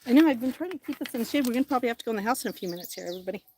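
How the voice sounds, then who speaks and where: A middle-aged woman hosting a casual livestream outdoors, chatty and excitable, talking straight to her viewers. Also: on the high side, very fast, a little hiss or hum. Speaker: livestream host.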